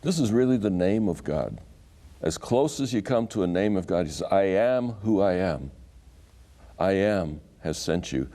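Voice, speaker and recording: Low, mellow-voiced man explaining scripture. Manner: animated storyteller who acts out quotes. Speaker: Bible scholar guest. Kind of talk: explanatory teaching in conversation.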